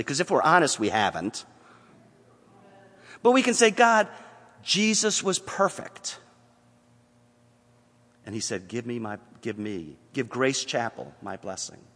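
A man preaching a sermon as pastor, earnest, moving between hushed passages and emphatic appeals. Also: fairly high pitch, very animated, normal speed, long pauses, long reverb tail.

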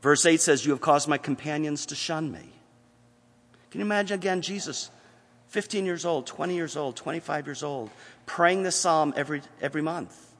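A man's voice: on the high side, moderate pace. Earnest male pastor preaching in a reverberant church. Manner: earnest preaching, shifting from hushed to emphatic. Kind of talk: sermon.

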